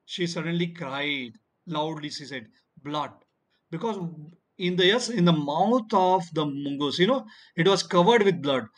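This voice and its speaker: Male teacher, fairly high voice, online class, explains by repeating and answering his own questions. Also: expressive, moderate pace.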